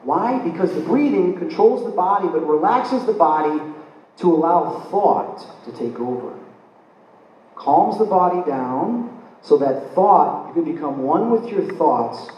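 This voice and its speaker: A man giving a live spiritual lecture, telling his own stories in an animated way and acting out his reactions. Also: a little high, a little slow. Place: lecture hall. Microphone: recorded from the audience. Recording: very echoey room, voice from far off, faint room noise.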